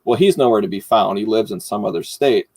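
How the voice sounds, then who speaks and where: Low-voiced man telling a story. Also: a little fast, no room sound. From Michigan, United States. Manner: animated, laughs while telling. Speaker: host. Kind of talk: casual storytelling.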